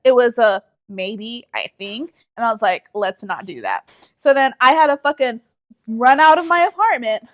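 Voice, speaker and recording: High-voiced young woman telling a story. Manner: animated storyteller, heavy swearing, acts out quotes. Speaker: podcast co-host. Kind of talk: casual podcast chat.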